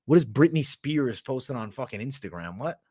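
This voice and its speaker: A man's voice: medium pitch, expressive, a little fast, darkish tone, husky, no echo, clean studio sound. A young man hosting a livestream, talking in a crude, rambling, profanity-heavy slang as he reads and answers chat. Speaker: livestream host.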